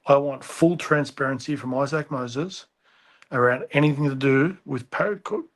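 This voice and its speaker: A man's voice: mid-range voice, moderate pace. An Australian man, a rugby league coach, giving impassioned opinions on a podcast over a remote call, ranting and repeating himself.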